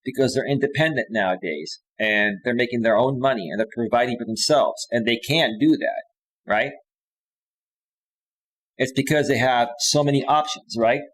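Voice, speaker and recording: A middle-aged man hosts a live stream as a dating coach, his voice sitting in a middle pitch. He tells stories with animation and gets louder and higher when reading messages aloud. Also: normal speed, low-quality recording. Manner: animated storytelling, reads messages aloud in a raised voice.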